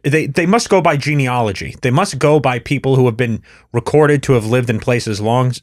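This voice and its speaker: A man's voice: mid-range voice, normal speed, no echo, clean studio sound. A man hosting a podcast, chatting casually and explaining at length with many restarts and fillers. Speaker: podcast host. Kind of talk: casual conversation.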